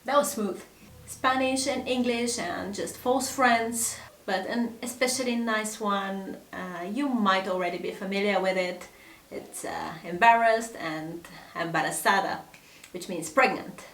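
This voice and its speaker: A woman's voice: medium pitch, unhurried, a bit bright. A woman from Bulgaria casually explaining words across languages in a chatty, playful way, with frequent fillers. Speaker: language vlogger. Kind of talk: casual educational monologue. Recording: echoey room.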